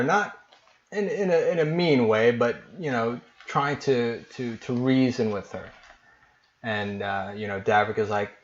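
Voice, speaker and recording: A man running a tabletop game as game master. He narrates casually and haltingly in a mid-pitched voice. The recording is muffled and lo-fi. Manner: casual, hesitant, many fillers.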